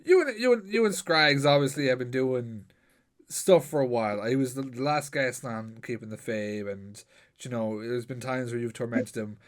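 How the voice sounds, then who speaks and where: A man hosting a casual podcast interview, telling animated stories and swearing freely. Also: mid-range voice, normal speed. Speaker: podcast host.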